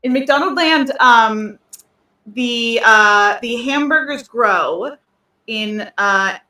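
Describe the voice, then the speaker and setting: A woman's voice: fairly high pitch, drawn-out words, bright, forceful tone, far from the mic. A woman co-hosting a casual podcast chat, rambling with many ums and restarts. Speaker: podcast co-host. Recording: roomy sound, voice off-mic.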